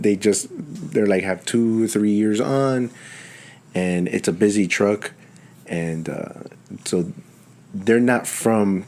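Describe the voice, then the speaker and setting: Low-voiced man telling a firefighter story. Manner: animated, acts out voices in his stories. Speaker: firefighter guest. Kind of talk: casual storytelling chat.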